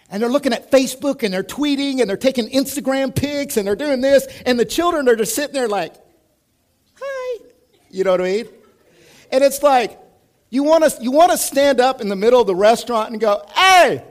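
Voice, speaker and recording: With a fairly high-pitched voice, this thirty-something male pastor delivers an animated, conversational sermon. He shifts back and forth between quiet and loud.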